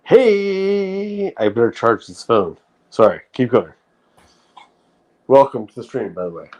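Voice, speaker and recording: On a rough recording, a man hosting a livestream speaks slowly in a medium pitch with lively intonation and a darkish tone. His casual rant is rambling and profane, full of restarts.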